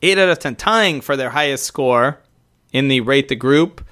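A man co-hosts a podcast from a remote call and keeps up loose, joking banter. His voice is smooth and resonant, at an ordinary middle pitch. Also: expressive, normal speed, sharp tone. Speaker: podcast co-host. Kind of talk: casual chat.

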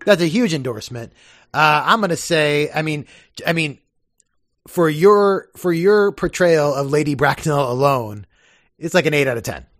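A man hosts a casual podcast, chatting and explaining with plenty of fillers. His voice is a little high, expressive and fairly bright, at a normal speed. The clean studio sound has no room sound.

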